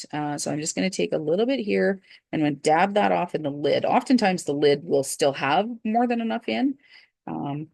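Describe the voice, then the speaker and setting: A woman's voice: fairly low pitch, vocal fry, darkish tone, dry recording. A woman hosting a casual crafting tutorial, chatting through each step as she works and checking in with viewers. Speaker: craft channel host.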